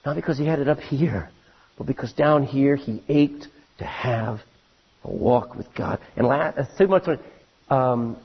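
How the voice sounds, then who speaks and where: Man preaching, husky high voice, emphatic, dull lo-fi recording. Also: a little slow. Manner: emphatic, reads scripture aloud, swings between loud and hushed. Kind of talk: sermon.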